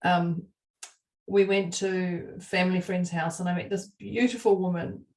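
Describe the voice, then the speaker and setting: This is a woman co-hosting a relaxed podcast and telling stories with energy. She laughs often and acts out the lines she quotes. Her voice sits a little away from the mic, in a roomy, echoing space. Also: on the low side, measured pace, distant mic. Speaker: podcast co-host. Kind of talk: casual chat.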